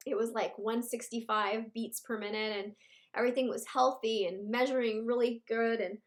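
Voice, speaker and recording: A woman in her thirties talks at home in a casual video update. Her voice sits a little high, and she speaks in a halting, heartfelt way, pausing and starting her sentences over. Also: level tone. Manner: halting and heartfelt, with many pauses and restarts. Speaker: vlogger.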